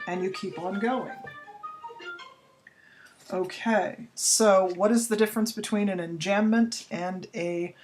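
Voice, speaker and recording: A woman teacher explaining poetry to her students in a recorded lesson, chatty and unscripted, exaggerating the rhythm when she reads verse aloud. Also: medium pitch. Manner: uses fillers and restarts, chatty.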